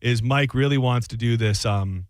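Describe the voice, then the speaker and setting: A man's voice: mid-range voice, normal speed, no echo. A man hosting a sports talk radio show, loose and rambling with frequent restarts.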